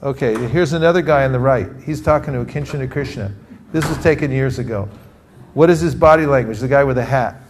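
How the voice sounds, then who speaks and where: A man from California teaching a live group in an energetic workshop style, calling for responses from the audience. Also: medium pitch, a little fast, a little hiss or hum. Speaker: teacher leading a training session. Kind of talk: interactive workshop talk.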